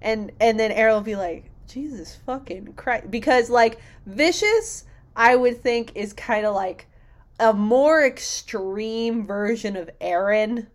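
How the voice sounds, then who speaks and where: A young woman chatting casually with a friend, her voice sitting a little high. She talks animatedly, swears freely and jumps into loud acted-out quotes. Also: slow. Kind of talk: casual chat.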